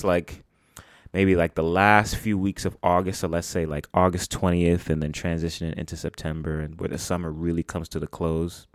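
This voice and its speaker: A man's voice: low voice, no room sound, clean studio sound. Rambling young New man. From New York City. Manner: rambling, animated, slangy, full of "like" and "bruh". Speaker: podcast host. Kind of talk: casual solo podcast talk.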